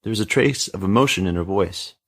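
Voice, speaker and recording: A man narrating a story in a steady, measured reading voice. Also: low-pitched.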